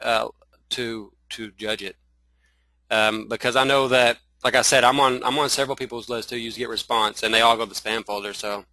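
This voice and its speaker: Bright-toned Southern man teaching a webinar. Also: mid-range voice, no echo, rough recording. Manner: halting, many restarts and fillers, addresses viewers as y'all. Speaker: online marketing trainer. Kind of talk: live webinar screen-share tutorial.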